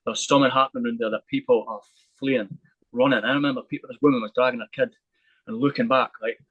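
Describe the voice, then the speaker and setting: A young man talking fast as a podcast guest, spinning a story in a lively, animated way and swearing freely. His voice sits at an ordinary middle pitch and sounds close and dry, with no room around it. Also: husky, no room sound, narrow, tinny audio. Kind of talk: storytelling in a casual interview.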